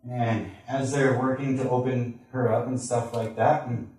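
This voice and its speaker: A man in a large room tells an audience a personal story, earnest and halting, slipping into the voices of the people he quotes. His voice sits at an ordinary pitch for a man and reaches the mic from a distance. The hall around him is strongly echoey. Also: level tone, darkish tone. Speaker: speaker sharing a personal testimony. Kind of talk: emotional storytelling to a live audience.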